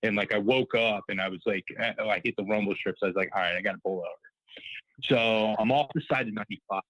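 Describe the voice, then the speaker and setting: A man's voice: on the low side, quick pace, fairly bright tone, no room sound, muffled recording. A man calling in to a podcast, telling a long story in a rambling way, full of fillers and quoted exchanges. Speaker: caller. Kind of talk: casual storytelling on a call-in show.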